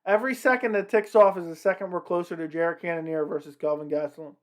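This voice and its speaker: A man with a fairly high, steady voice talks quickly while hosting a casual livestream. He chats away, reacting both to a fight he's commenting on and to his chat.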